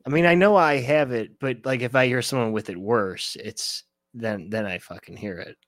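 A man's voice: mid-range voice, normal speed, no room sound, studio quality. A man from the Rust Belt of upstate New York, co-hosting a casual movie-review chat in a blunt, laid-back way with some swearing. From American Rust Belt, upstate New York. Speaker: podcast co-host.

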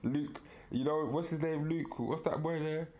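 A man's voice: on the high side, fairly even intonation, measured pace, warm tone. A man co-hosting a podcast, animatedly retelling a story in casual chat, full of slang and laughter. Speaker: podcast co-host.

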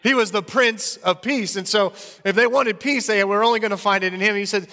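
A man's voice: high voice, lively intonation, fairly quick, sharp tone, in a large hall. A man preaching a sermon as pastor, earnest and conversational.

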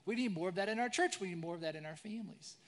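A man in his forties preaching a sermon as pastor, conversational, often tagging "right?", shifting between lively storytelling and soft reflection. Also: high-pitched, rapid-fire, slight background noise. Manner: conversational, frequent "right?" tag questions.

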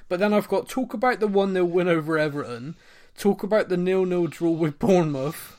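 Male podcast host from England, chatty, quick to laugh, slightly high voice. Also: a little mellow. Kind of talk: casual chat.

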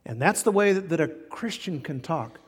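A man preaching a sermon as pastor, folksy and animated, chuckling now and then at his own jokes. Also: a little high, moderate pace, breathy edge, in a large hall.

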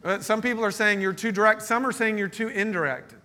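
A man's voice: high voice, a little fast. A man in his thirties preaching a sermon as pastor, joking and telling stories. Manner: storytelling, joking, animated. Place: church meeting space.

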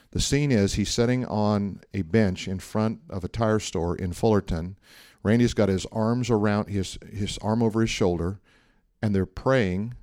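Guy preaching, low voice, acts out the story lines, reads from a book, dry close sound. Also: no echo. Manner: animated storyteller, acting out dialogue, reading aloud from a book. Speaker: pastor. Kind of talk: sermon with storytelling.

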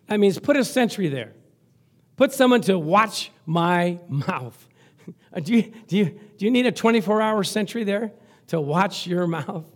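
Man, pastor, sermon, high pitch, animated, chuckling, reads scripture. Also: a little slow.

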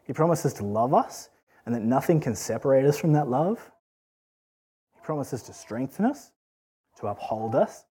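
A man's voice: mid-range voice, animated, moderate pace, pauses often, warm tone, slightly rough. A man giving an earnest, conversational sermon full of rhetorical questions. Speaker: preacher.

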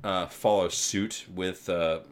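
Deep-voiced man telling a game story. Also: takes it slowly, a little hiss or hum. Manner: animated retelling with swearing and voiced asides. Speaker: podcast co-host. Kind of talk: casual chat about games and anime.

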